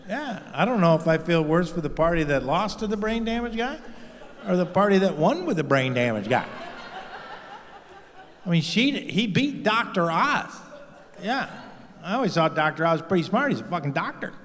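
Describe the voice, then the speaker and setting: Man, stand-up comedian, crude, profane, mocking, slightly high voice, live hall reverb. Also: sing-song, normal speed, a bit bright. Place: large comedy venue with live audience.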